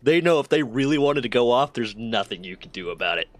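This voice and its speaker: A man's voice: medium pitch, lively intonation, quick pace, dry recording. A man hosting a stream, chatting casually and telling stories with frequent restarts and swearing. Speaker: streamer host. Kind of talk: casual chat.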